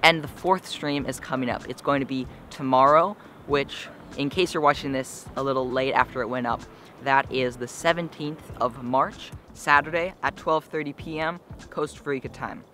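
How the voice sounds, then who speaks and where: Breathless, bright-voiced young man vlogging. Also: mid-range voice, moderate pace, a little hiss or hum. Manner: chatty, rambling, loose with fillers. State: slightly out of breath. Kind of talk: casual vlog talk to camera.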